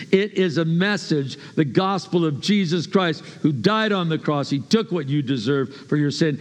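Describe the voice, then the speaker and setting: A man with a high voice preaches a sermon, hammering his points with repeated phrases and sudden swings in loudness. Long reverb trails every line, as in a big church hall. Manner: emphatic, repeats phrases, shifts from hushed to loud.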